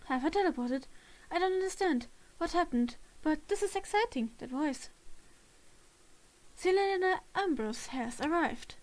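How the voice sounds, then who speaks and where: A loud, eager young woman bursting with excitement, as a woman reads her out from a game. The voice is high and bright. The lines come out loud and eager. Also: a little slow. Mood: excited. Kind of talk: reading game dialogue aloud.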